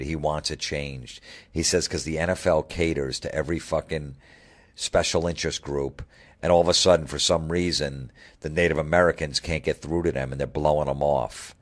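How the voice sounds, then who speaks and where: Deep-voiced man in a profane rant. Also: a bit bright. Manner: profane, sarcastic, heated ranting. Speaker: radio host. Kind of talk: ranting monologue.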